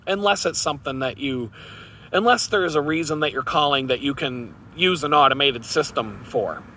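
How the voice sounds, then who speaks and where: A man's voice: on the high side, sharp tone, slight background noise. A man who vlogs, ranting casually to the camera in a sarcastic, mocking, rambling way, recorded outdoors in a town. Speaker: vlogger.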